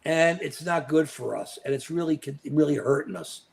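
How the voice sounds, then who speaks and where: Animated high-voiced man ranting live. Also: normal speed, gravelly. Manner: animated, talks to viewers by name. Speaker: co-host. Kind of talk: live political chat show. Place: at home in New York.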